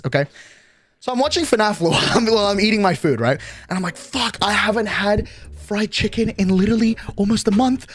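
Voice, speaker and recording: A young man telling a long story on a live stream, rambling, swearing freely and checking in with "okay?" every few lines. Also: fairly high pitch. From Australia. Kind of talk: casual chat, storytelling.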